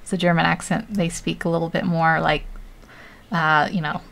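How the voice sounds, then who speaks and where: An American woman livestreams herself drawing, chatting casually, laughing often, and making self-deprecating jokes. Her voice is deep, creaky, and a bit bright, with fairly even intonation and a moderate pace.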